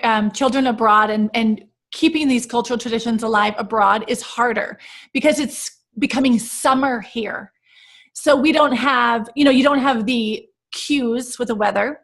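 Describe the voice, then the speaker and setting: An American woman hosting a relaxed conversation, her voice sitting on the higher side. She tells stories with lively, emotional energy and plenty of fillers. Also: moderate pace. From United States. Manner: animated, emotional storytelling. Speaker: host. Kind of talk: casual podcast chat.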